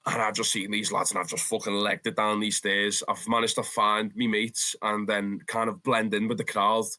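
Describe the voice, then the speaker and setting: Young scouse lad, bright voice, animated, swears a lot, chatty interview guest. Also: male voice, on the low side, moderate pace. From Liverpool, England. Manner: animated, swears freely, calls the listener "lad". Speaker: interview guest, football fan. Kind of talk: casual storytelling interview.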